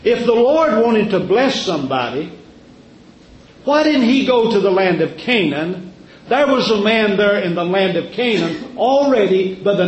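Man, preacher, drawn-out sermon delivery, rhetorical questions, unhurried, echoey room. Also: sits high, expressive, muffled recording.

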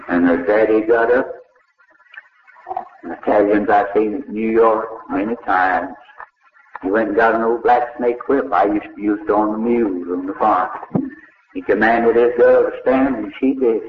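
An older man, preaching a sermon as a slow, dramatic story and voicing the people in it. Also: on the low side, fairly even intonation, slight background noise. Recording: echoey hall over a tinny, lo-fi line.

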